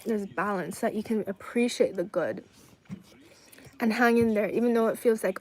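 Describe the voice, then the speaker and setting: A woman's voice: medium pitch, moderate pace, darkish tone, rough recording. A young woman from China in a casual live-stream chat, talking in a chatty, rambling way and reading viewer comments aloud. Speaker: livestreamer.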